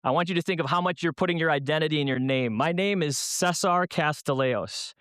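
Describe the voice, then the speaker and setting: A man's voice: a little high, brisk, fairly bright tone, clear, resonant tone, no echo, studio quality. A man from Minnesota speaking as a guest at a church youth night, telling funny stories and asking the room rhetorical questions. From Minnesota, USA. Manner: humorous storyteller with rhetorical questions. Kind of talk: youth talk at a church event.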